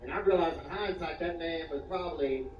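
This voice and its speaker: A man telling stand-up comedy in a loose, rambling, deadpan way with a slightly higher voice. He sounds distant from the mic in an echoey room. The sound is dull and carries steady background noise. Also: brisk. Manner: rambling, deadpan, peppered with "you know".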